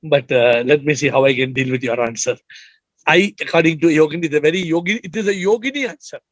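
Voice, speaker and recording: Man, high voice, host of an online Q&A, probes and repeats questions; slightly muffled, dry sound. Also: quick pace, a bit bright, no room sound. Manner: probing, repeats questions, jokes lightly. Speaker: host of an online spiritual Q&A session. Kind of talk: questioning participants on a video call. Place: video call.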